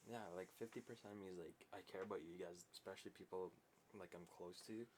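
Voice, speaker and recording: A young man co-hosting a casual podcast, blunt and deadpan, swearing casually. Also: deep voice, quick pace, a little hiss or hum. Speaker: podcast co-host. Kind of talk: casual chat.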